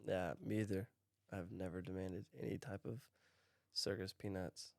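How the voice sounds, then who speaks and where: A man's voice: low voice, little pitch movement, vocal fry, a little mellow, no room sound, clean studio sound. A man hosting a casual podcast chat, easygoing and curious, who asks plain questions. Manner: easygoing, curious, quick to laugh. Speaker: podcast host.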